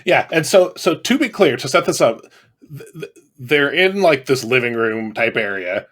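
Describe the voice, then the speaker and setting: A man with a middle-pitched, lively voice co-hosts a casual film review chat. He backs up his partner with quick agreement and adds clarifying details about the plot. His pitch moves freely up and down as he speaks. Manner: chimes in with agreement and clarifying asides. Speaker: podcast co-host.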